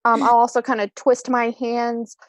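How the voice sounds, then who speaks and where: Guesting as a screenwriter in a casual live-stream interview over a video call, a young woman speaks at normal speed in a level, highish voice. Her talk is rambling and self-deprecating, full of ums and restarts, with no room sound.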